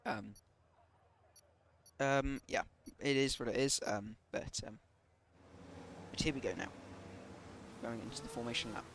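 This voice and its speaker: A man giving live commentary on an online racing league stream, with many ums and quick self-corrections. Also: medium pitch, fairly even intonation, fairly bright tone, slight background noise.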